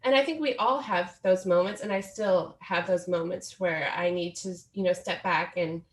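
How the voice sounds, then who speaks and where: A woman's voice: on the low side, normal speed, reverberant. A woman in her forties, a guest author telling her story in an earnest, reflective way during a podcast interview. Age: 40s.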